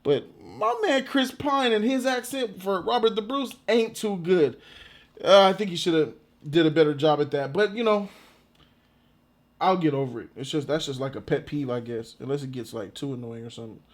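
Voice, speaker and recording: A man giving a casual, rambling reaction to a movie trailer, excitable and quick to laugh. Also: a little high.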